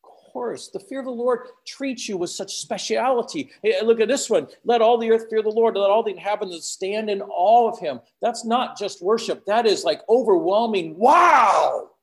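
A man preaching a sermon, acting out prayers and quotes with sudden swings from loud exclamations to hushed tones. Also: sits high, moderate pace, hardly any pauses.

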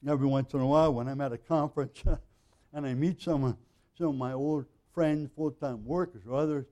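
A male pastor giving an earnest, conversational sermon, often clearing his throat. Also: medium pitch, brisk, mellow. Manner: frequent throat clearing, earnest and plain-spoken.

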